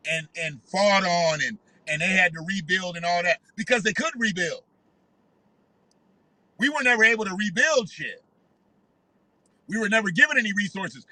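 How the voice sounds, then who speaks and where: A man's voice: high voice, sharp tone, dry recording, rough recording. A man giving heated, profane commentary in a ranting, conversational way.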